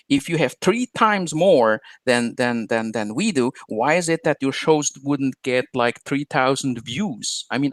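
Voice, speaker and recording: A man's voice: mid-range voice, fairly bright tone, no room sound. A man co-hosting a live stream, talking in long rambling questions full of fillers. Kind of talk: casual live stream chat.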